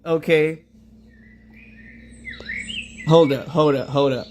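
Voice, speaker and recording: A man hosting a commentary stream and reacting to clips, speaking in a somewhat high voice. He is emphatic and profane, with a rhetorical "right?" after almost every claim. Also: very animated, drawn-out words, long pauses.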